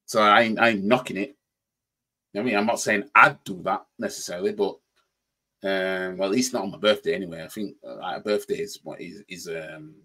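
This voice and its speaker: Yorkshire bloke, reaction host, low husky voice, repeats himself, casual rant. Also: male voice, steady tone, brisk, pushed and bright. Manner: repeats "you know what I mean", stammers on restarts; mocking mimicry in quoted voices.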